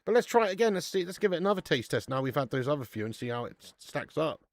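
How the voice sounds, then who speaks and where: Male streamer, casual banter, excitable shout-outs, dry close mic. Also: fairly high pitch, quick pace, no echo. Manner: excitable, laughs often, bursts of shouting greetings. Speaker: football watch-along host. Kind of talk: casual live-stream chat.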